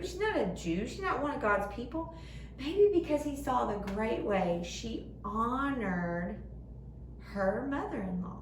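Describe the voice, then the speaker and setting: A young woman giving a children's sermon in simple, animated words, recorded in a church room. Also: medium pitch. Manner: animated, speaks simply to children, acts out voices. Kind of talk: kids' sermon. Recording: echoey room, far from the mic, faint noise.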